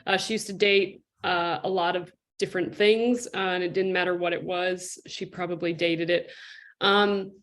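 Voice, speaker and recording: A woman improv player introducing herself over a video call, gentle and a little hesitant. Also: on the low side, steady tone, normal speed. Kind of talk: casual self-introduction.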